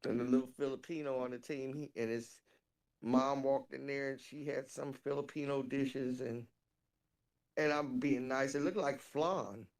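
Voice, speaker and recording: A woman co-hosting a casual chat, telling animated, profane stories and laughing through them. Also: very deep voice, moderate pace.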